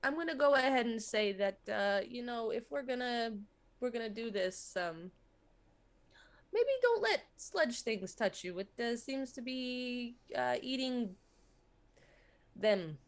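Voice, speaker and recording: A woman playing a tabletop game, talking briskly with playful banter. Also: on the high side, lively intonation. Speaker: player. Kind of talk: casual tabletop role-play.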